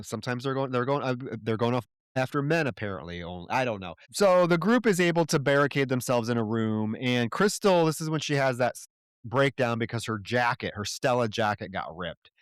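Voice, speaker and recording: A man co-hosts a movie podcast and walks through the plot in a relaxed, rambling way, briefly acting out the characters' lines. His voice is smooth and resonant. The recording is dry and close, with no room sound. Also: mid-range voice, dry recording. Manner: laid-back, trails off into shrugging asides. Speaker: podcast co-host. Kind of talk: casual movie recap.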